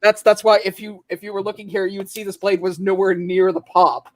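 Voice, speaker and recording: A man's voice: sits high, flat delivery, fairly quick, dry recording, poor audio. A man from Ontario, hosting a casual late-night collectors' chat, laughing often and trailing off mid-thought. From Ontario, Canada.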